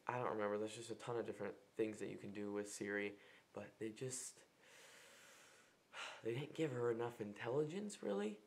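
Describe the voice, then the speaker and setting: A young man talks casually to his viewers in a slightly low voice. He sounds chatty and exasperated, and now and then he acts out little exchanges in mock voices. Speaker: vlogger. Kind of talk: casual vlog. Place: a room other than his usual filming spot.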